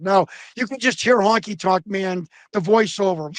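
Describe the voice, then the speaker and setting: Middle-aged man, high-pitched, swearing storyteller, dry close recording. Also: normal speed, dry recording. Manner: profane, animated anecdotes with quoted voices. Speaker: guest storyteller. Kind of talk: casual storytelling.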